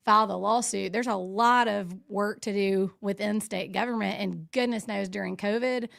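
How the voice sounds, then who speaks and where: A woman's voice: mid-range voice, steady tone, moderate pace, gravelly, a bit bright, dry recording, studio quality. A woman guest, a former state legal official, explaining her work in an articulate, explanatory way. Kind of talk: interview answers.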